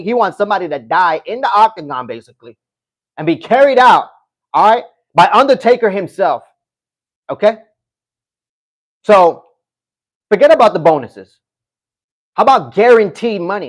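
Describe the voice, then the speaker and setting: High-pitched male streamer, casual chat with his audience, animated and loose-mouthed. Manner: animated, talks straight to chat, swears. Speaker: livestream host. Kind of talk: casual livestream chat reading comments.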